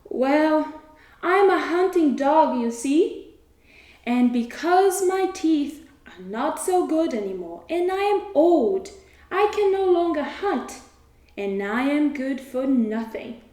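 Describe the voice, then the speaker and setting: A weary old hunting dog with a storybook lilt, as a woman puts him on. The voice sits high and swoops about, slow and mellow. The room is echoey. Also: big pitch swings, full character voice. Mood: plaintive. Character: old male hunting dog, tired, eager to join.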